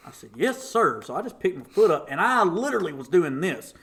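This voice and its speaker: A man's voice: fast talker, creaky. A young man, a podcast guest telling a story casually and acting out the voices in it. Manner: animated, acts out quotes with big pitch jumps.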